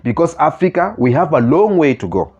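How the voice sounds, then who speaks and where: A man with a Kenyan accent hosting his own channel, talking earnestly in halting phrases and often restarting mid-sentence as he reacts to comments. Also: a little high, sing-song, darkish tone, slightly rough. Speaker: channel host. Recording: slightly muffled lo-fi recording.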